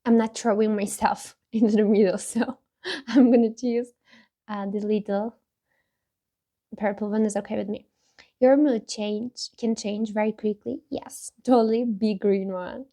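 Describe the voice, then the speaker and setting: Slow, mellow-voiced woman vlogger. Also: mid-range voice, steady tone. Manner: halting and candid, with frequent laughs and restarts. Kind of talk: casual talk while taking a personality test.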